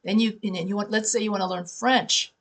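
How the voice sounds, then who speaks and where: A woman's voice: mid-range voice, fairly even intonation, fairly quick, vocal fry, a bit bright. A woman who teaches writing, talking her students through tips in a conversational way and correcting herself as she goes. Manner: conversational, restarts and self-corrections. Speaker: writing professor. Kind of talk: classroom teaching talk.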